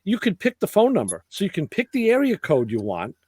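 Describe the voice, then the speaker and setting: A podcast host with a high, brisk voice and a breathy edge tells stories in a casual chat, animatedly acting out other people's lines in different voices. The recording is studio quality with no echo.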